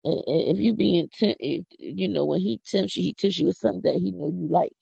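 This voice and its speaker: A middle-aged woman from Philadelphia with a Philadelphia accent, hosting a casual, preachy podcast monologue with excited whoops. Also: lowish voice, fairly quick, gravelly, slightly rough, dry recording. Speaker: podcast host. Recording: dull lo-fi audio.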